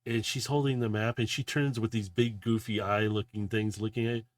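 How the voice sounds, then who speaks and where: A man's voice: fairly low pitch, fairly even intonation, normal speed. A man narrating a tabletop role-playing game as game master, in a loose, casual way full of filler words.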